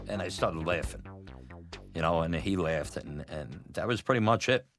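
A man's voice: deep voice, expressive, normal speed, over music. A man telling a personal story about his youth, candid and conversational, chuckling now and then. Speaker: storyteller, former batboy.

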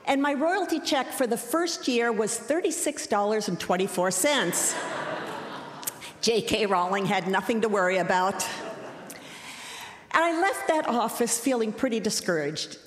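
A woman's voice: mid-range voice, expressive, moderate pace. A middle-aged woman telling a personal story live on stage with wry, self-mocking comic timing. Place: large hall. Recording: roomy hall with long reverb.

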